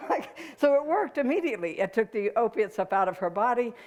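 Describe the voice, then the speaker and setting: A woman's voice: on the high side, sing-song, brisk, a little mellow. A woman giving a personal storytelling talk to an audience, laughing often and talking to listeners in a conversational way. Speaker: guest speaker.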